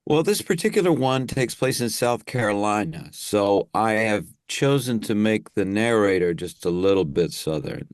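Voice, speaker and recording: In a studio-quality recording with no echo, a man speaks in a low voice. He's an actor and impressionist appearing as an interview guest, rambling along easygoingly and laughing readily in casual interview chat.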